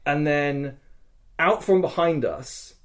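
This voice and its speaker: A man co-hosting a podcast, telling a story in a casual, excitable way, swearing often and acting out other people's lines. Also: fairly high pitch, slow. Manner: swears a lot, animated retelling with quoted voices. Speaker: podcast co-host.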